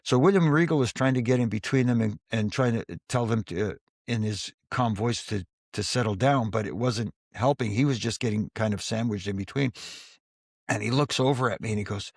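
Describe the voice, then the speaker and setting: Gravelly former referee telling stories. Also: male voice, lowish voice, a little fast, dry recording, studio quality. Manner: storyteller who acts out quoted dialogue in his tales. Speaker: former wrestling referee, interview guest. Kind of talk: casual anecdotal storytelling.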